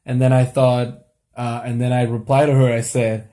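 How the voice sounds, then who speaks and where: A man's voice: medium pitch, flat delivery, normal speed, warm tone. A young man talking casually to camera late at night, rambling with lots of fillers and restarts.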